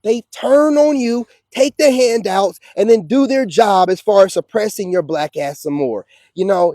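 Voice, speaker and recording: A man's voice: high voice, normal speed, hardly any pauses, dark tone, no room sound. A man from the United States, delivering a heated, preachy monologue full of slang and "you know what I'm saying". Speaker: online commentator. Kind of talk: ranting monologue.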